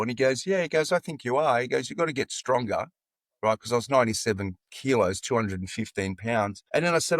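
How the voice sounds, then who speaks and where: An Australian man in his sixties tells stories in a relaxed, conversational way. He acts out other people's lines as he goes. His mid-pitched voice is recorded dry and close. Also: fairly quick, no echo. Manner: animated anecdotes, acting out quoted dialogue. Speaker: football coach, podcast guest. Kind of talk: casual storytelling in an interview.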